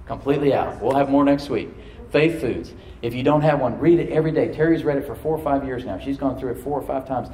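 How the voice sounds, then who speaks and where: A man's voice: mid-range voice, fast, hardly any pauses, dark tone. A middle-aged male pastor preaching a sermon to his congregation, exhorting and repeating phrases for emphasis. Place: church hall with congregation. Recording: roomy church echo.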